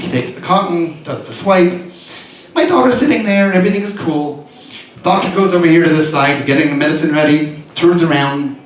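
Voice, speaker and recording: A man giving a lecture as a rabbi, telling a personal story with animation and frequent laughs. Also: fairly high pitch. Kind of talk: storytelling talk to an audience. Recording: echoey hall, mic far off, faint noise.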